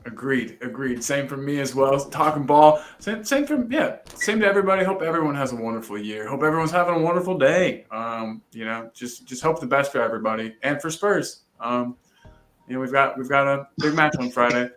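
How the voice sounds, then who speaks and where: A man's voice: mid-range voice, brisk, a bit bright. A man hosting a casual live-stream football show, chatty and upbeat. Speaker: host.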